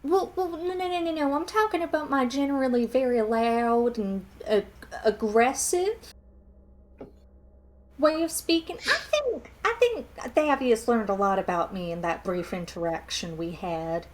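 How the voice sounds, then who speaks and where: A woman playing in a tabletop game, talking in a rambling, halting way. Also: a little high. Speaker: player. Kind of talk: casual tabletop game chat.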